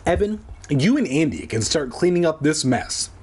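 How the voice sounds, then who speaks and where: A man's voice: a little high, sing-song, moderate pace, darkish tone, slightly rough. A man voicing a stern, fussy middle-aged aunt who scolds the kids in her care. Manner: scolding, clipped and bossy.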